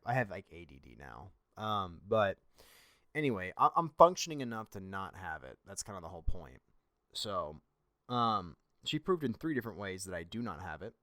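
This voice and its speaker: A man's voice: low voice, pushed and bright, dry recording, studio quality. Swearing young man telling his story. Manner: profane, blunt, rambling retelling. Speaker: podcast host. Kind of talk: casual personal storytelling.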